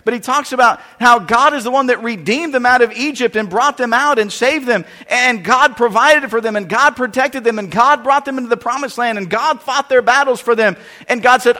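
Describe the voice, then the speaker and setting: A man's voice: very high voice, a little fast, few pauses, pushed and bright. A man preaching a sermon, explaining scripture verse by verse and often repeating and restarting his phrases. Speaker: pastor. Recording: long reverb of a large hall.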